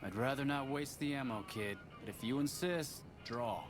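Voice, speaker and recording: An actor playing a scornful outlaw gunslinger who talks in a sneering, terse way, heard as game audio. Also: male voice, medium pitch, normal speed, natural voice. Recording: game audio with loud music.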